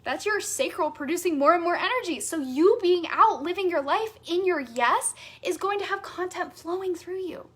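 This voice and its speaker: High-voiced enthusiastic woman coach. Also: expressive, normal speed, hardly any pauses, a bit bright. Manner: enthusiastic, emphatic, repeats phrases for stress; casual with fillers like "like" and "right?". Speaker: sales and human design coach. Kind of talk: teaching a live masterclass call.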